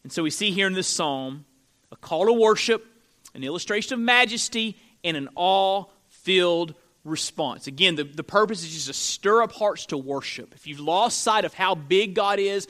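Bright, high-voiced preaching man. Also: expressive, moderate pace. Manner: preaching with big swings from loud emphatic peaks to quiet intimate lows; repeats key phrases for emphasis, asks the congregation questions. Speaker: pastor. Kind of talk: sermon.

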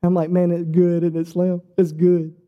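A man's voice: normal speed, narrow, tinny audio. A man preaching a sermon, telling his own story earnestly and personally. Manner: earnest, personal storytelling with lively shifts in pitch.

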